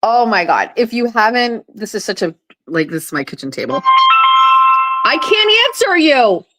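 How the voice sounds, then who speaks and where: A woman chatting casually on a live stream from her kitchen table, excitable and swearing, often gasping and laughing. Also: mid-range voice, a little fast, faint music behind.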